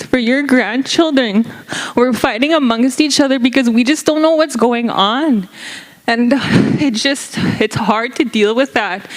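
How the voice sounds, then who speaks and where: A woman's voice: a little high, poor audio. A young woman from Canada speaking up at a community band meeting, earnest and emotional, sometimes searching for her words. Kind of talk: impassioned public address.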